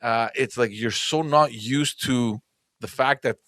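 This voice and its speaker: A man's voice: medium pitch, a little slow, fairly bright tone, no room sound, studio quality. A man co-hosting a podcast who tells a parenting anecdote casually and laughs along. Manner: laughs through his own stories. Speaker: podcast co-host.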